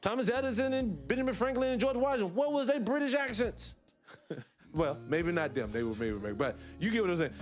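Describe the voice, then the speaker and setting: A man's voice: high voice, sing-song, fast, faint music behind. A man hosting a livestreamed morning talk show, arguing with passion, firing rhetorical questions at his listeners and laughing between points.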